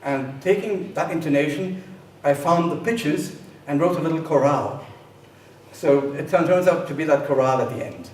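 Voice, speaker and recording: A man, a composer, explaining his pieces in a relaxed live lecture, pausing often with fillers. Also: on the high side. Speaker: composer presenting his works. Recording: echoey room, voice from a distance, faint noise.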